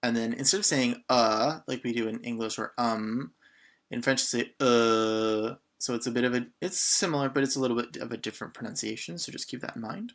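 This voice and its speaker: A man teaching an online beginner lesson in a relaxed way, with frequent fillers. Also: medium pitch, quick pace, gravelly. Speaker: language teacher.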